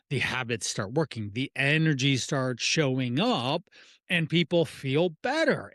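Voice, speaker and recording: A man's voice: mid-range voice, no room sound, clean studio sound. Rambling middle-aged male fitness coach. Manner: rambling, restarts phrases, uses analogies and asks rhetorical questions. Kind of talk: casual podcast conversation.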